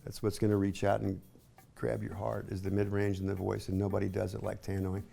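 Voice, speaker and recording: A man's voice: on the low side, completely flat delivery, fairly quick, gravelly, dark tone, faint music behind. A man in his sixties from East Tennessee, a hi-fi sales associate giving a chatty, rambling home tour with folksy asides. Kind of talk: casual home tour chat.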